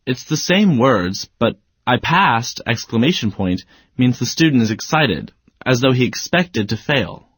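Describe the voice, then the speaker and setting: Male student voice for an educational video: playful, lively pitch, slightly husky, dry booth sound. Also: moderate pace, dry recording. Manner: playful, mock-exasperated. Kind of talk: scripted educational dialogue.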